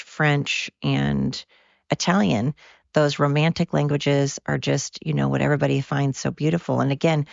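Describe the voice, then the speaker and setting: A creaky, mid-range voice belongs to an American podcast host who is worn out from overwork. He rambles, swears freely and keeps going off on tangents in a casual monologue. The recording is dull, lo-fi and dry, with no room sound.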